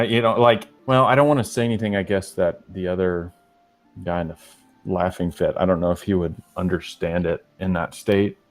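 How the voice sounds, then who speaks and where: Halting low-voiced man at a game table. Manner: halting, many restarts and fillers. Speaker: player. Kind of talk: casual tabletop game chat.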